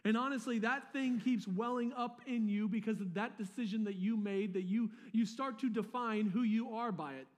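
A man with a high, bright-toned voice preaches a sermon, his words carrying a long reverb from a large church hall. He talks casually and conversationally, dropping in slangy asides and repeating words as he goes. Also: normal speed, few pauses. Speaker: pastor.

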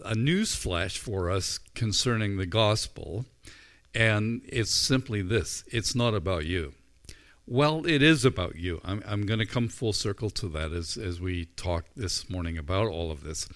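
A man giving a sermon in a relaxed, storytelling manner, easing into his point through anecdotes. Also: lowish voice. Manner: relaxed storytelling, unhurried and informal. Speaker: preacher.

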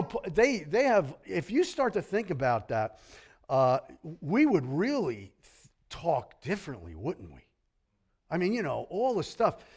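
A middle-aged male pastor delivering a sermon with a high, lively voice that swings widely in pitch. He talks in an animated, joking way, acting out grumbling complaints. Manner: animated, grumbling impressions, jokey asides.

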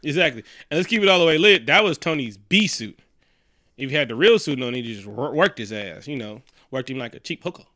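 A man's voice: medium pitch, lively intonation, brisk, sharp tone, no echo, studio quality. A man in a loose, profane, joking chat, recapping a movie with a friend.

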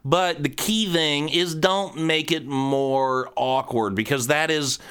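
Blunt, bright-voiced middle-aged man. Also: on the high side, takes it slowly, clean tone. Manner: blunt and profane, animated storytelling. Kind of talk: casual monologue.

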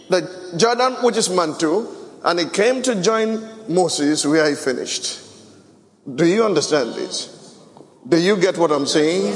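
Preacher with a high voice. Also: male voice, fairly bright tone, in a large hall. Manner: preaching with Bible reading, asides and bursts of song. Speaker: pastor. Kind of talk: sermon. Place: church worship service.

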